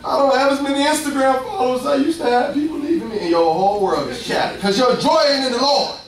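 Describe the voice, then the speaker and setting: A man preaching a sermon, animated and lively, swinging from loud bursts to hushed asides. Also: very high-pitched, fast. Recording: echoey room picked up from far off, faint ambience.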